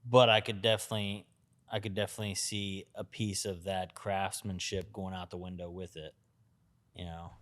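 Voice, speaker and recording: A man, a tattoo artist, chatting casually on a podcast, relaxed and reflective with lots of "you know". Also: deep voice, normal speed.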